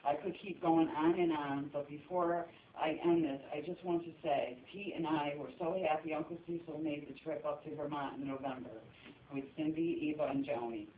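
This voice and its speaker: A woman reading a funeral eulogy as steady storytelling about family memories. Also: sits low, moderate pace, a little hiss or hum. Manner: steady storytelling, breaking into laughs. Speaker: eulogy speaker. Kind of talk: funeral eulogy read from notes. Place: funeral service room. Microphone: phone recording from the audience. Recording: echoey room, distant dull phone audio.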